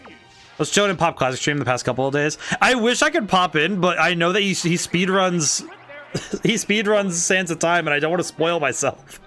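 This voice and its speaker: A man streaming a game, chatting casually and excitably, rambling with frequent restarts. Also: a little high. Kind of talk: casual gameplay commentary.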